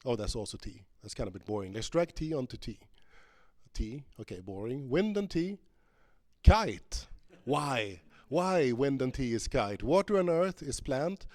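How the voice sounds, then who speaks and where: A man's voice: medium pitch, lively intonation, measured pace, a little mellow. A man giving a conference keynote as a professor, chatty and playful, thinking aloud with many ums and restarts while he demos a game. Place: conference stage.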